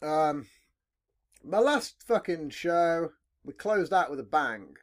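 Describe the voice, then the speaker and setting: Taking it slowly, a man hosting his own podcast wanders through a casual, unscripted chat among friends, his pitch jumping around. He swears almost constantly, circles back on his own thoughts, and stays lively throughout.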